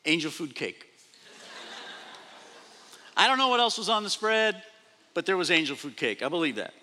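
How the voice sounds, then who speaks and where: Guy pastor preaching, bit high voice, acts out the quotes, long echo in a big church hall. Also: unhurried, a little hiss or hum. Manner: animated preaching, repeats phrases, acts out quoted speech. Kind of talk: sermon. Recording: long reverb of a large hall.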